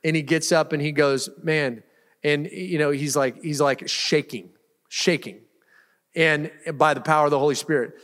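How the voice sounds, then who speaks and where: A man's voice: a little high, steady tone, moderate pace, a bit bright, in a large hall. A man pastor preaching a sermon in a casual, storytelling way, often restarting his sentences. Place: church sanctuary.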